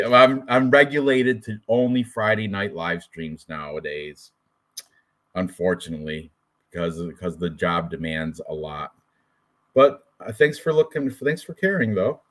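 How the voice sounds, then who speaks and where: A man's voice: lowish voice, a bit bright. A man co-hosting a fight prediction live stream, joking with his co-host and greeting viewers in the chat.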